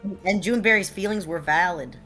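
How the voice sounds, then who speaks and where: A woman with a very low voice plays a tabletop game with a dry, wry manner, stammering when unsure. Faint music sits in the background. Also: fast. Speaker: player. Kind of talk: playing a tabletop game in character.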